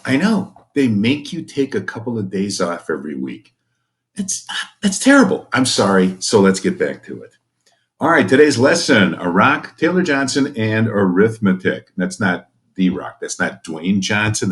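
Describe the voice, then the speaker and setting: A man's voice: low voice, lively intonation, normal speed. A man teaching a recorded history lecture to students, folksy and conversational, with jokey asides.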